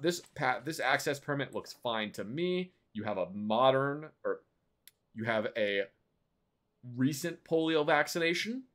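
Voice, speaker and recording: A man's voice: medium pitch, fairly bright tone. A male streamer giving casual live commentary on a game. He jokes and teases in a mock-official tone. His voice rises and falls a lot. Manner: playful, teasing mock-official banter.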